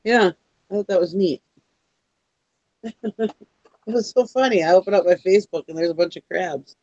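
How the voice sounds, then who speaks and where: A man's voice: sits high, moderate pace, a little mellow, dry recording, dull audio. A man chatting casually as a guest on a live online show, laughing as he tells a light anecdote. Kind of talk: casual chat.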